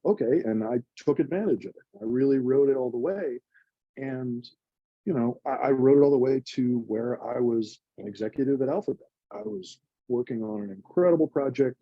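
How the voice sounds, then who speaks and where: A man's voice: mid-range voice, dry recording, dull audio. A man in his forties, a nonprofit co-founder, telling his story in an earnest, emotional, chatty way. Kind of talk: reflective conversational storytelling.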